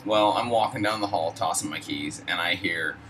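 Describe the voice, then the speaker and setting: A man's voice: low voice, normal speed, far from the mic, background noise. A man casually telling a personal story, rambling and profane, heavy on fillers. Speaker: storyteller host.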